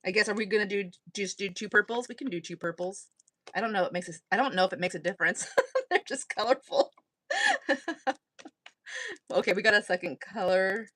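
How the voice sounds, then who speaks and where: A woman's voice: medium pitch, fairly quick, pauses often, a bit bright, dry recording. A woman hosting a craft live stream, chatting casually and rambling with frequent laughter. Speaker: craft channel host.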